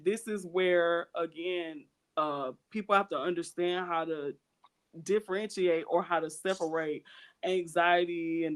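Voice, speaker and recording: Woman co-host of a chat podcast; earnest, emphatic, hammers her points home by repeating them. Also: on the low side. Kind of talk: candid casual podcast chat.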